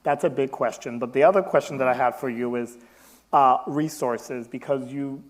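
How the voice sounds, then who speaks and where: Casting: male moderator, mid-pitched voice, halting questions. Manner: hesitant, with fillers. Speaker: event moderator. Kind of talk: interview questions.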